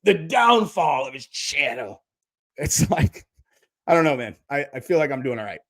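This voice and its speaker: A man hosts a livestream with a slightly high-pitched voice. He talks in a loose, rambling way, swears constantly and gets excitable. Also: normal speed. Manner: profane, rambling and excitable, with many restarts. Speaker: livestream host. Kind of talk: casual livestream chat.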